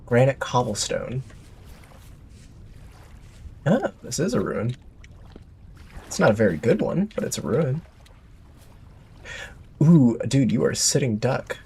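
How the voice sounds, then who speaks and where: A man's voice: medium pitch, slow, long pauses, a little hiss or hum. A man streaming a survival game, giving chatty, playful live commentary with jokey exclamations. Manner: chatty, playful, self-mocking; excitable exclamations.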